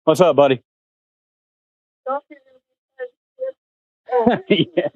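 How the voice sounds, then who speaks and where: Man, chatty, talking to animals, slightly high voice, dry close sound. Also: big pitch swings, very slow, darkish tone, dry recording, highs cut off. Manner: chatty, talks to animals in a high sing-song. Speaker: vlogger. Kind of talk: casual vlog, talking to animals. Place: outdoors at an animal park.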